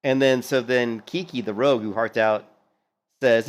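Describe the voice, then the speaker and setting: A man giving casual, rambling gaming commentary, animated, with lots of fillers and some swearing. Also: mid-range voice, normal speed. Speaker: gaming streamer commentating on a hardcore game run.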